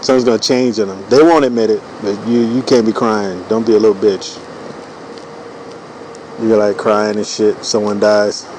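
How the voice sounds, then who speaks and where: A man's voice: fairly low pitch, steady tone, normal speed, darkish tone, a little hiss or hum, rough recording. A man in his forties riffing through a loose, profane comedic monologue while he draws cartoons, full of "you know" fillers. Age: 40s. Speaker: streamer drawing cartoons.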